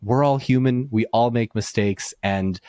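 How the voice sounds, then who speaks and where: A man chatting casually as a podcast guest, excitable and laughing often, going off on tangents. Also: medium pitch, measured pace, no echo, studio quality. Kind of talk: casual chat.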